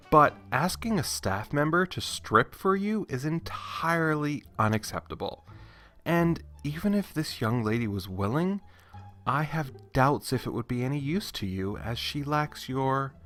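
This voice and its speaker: A man's voice: mid-range voice, fairly bright tone. A man voicing a formal, firm male store manager who speaks with cool politeness. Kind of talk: narration with voices.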